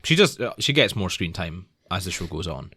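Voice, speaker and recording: A man with a very low voice co-hosts a podcast, chatting casually and gushing eagerly over what he likes. The recording is dry and close to the mic. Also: very animated, a little fast, bright, forceful tone, husky, no echo. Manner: enthusiastic, gushing agreement. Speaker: podcast co-host. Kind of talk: casual chat.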